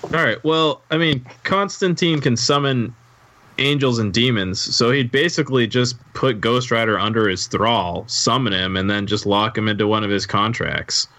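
A man's voice: mid-range voice, normal speed, a bit bright. A man arguing combatively and teasingly on a casual podcast panel.

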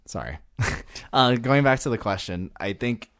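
A man co-hosting a casual gaming podcast, joking and explaining game strategy with quick asides. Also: mid-range voice. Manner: animated, joking, talks fast about games. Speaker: podcast co-host. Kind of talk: casual chat.

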